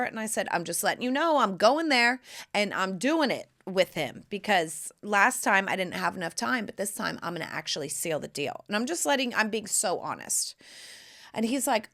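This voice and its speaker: Brash, gravelly woman telling racy stories. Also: medium pitch, normal speed. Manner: brash, profane, animated storyteller. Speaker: podcast host. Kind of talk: candid storytelling monologue.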